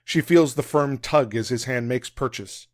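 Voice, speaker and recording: A man reading his own novel aloud as a podcast guest, with steady, measured narration. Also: medium pitch, no room sound, clean studio sound. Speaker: author and guest.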